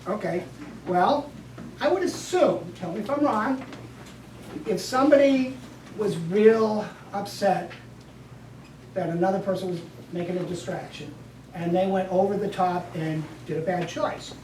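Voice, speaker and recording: A woman's voice: mid-range voice, unhurried, long pauses, a little mellow, slight background noise. Woman teacher coaching a class. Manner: directive, coaching a group through steps. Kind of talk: classroom instruction. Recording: echoey classroom from far off.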